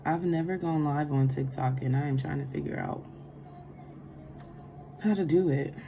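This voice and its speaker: Woman, tarot livestream host, low voice, laughs often, faint background noise. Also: normal speed, gravelly. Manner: animated, laughing, greets viewers, drops to soft prayer. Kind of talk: livestream chat with prayer.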